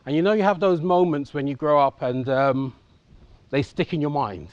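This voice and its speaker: A man's voice: on the high side, normal speed, a little mellow, no room sound, lo-fi sound. Candid English man telling his life story. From England. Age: 50s. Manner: candid, conversational, checks in with the audience. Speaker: conference speaker. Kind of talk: personal storytelling talk.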